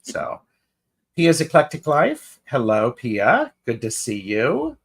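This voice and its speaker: A man's voice: medium pitch, wildly swooping pitch, gravelly, breathy edge. A man in the middle of his register who takes his time. He co-hosts a live tarot stream and greets chatters one by one, with plenty of ums and restarts. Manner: unhurried, greets chatters by name with fillers and restarts. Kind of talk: casual live-stream chat.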